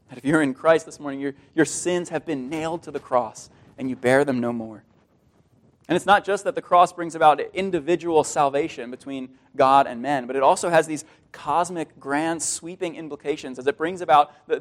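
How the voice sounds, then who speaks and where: Earnest man preaching a sermon. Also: a little high. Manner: earnest, animated preaching with repeated words. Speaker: pastor.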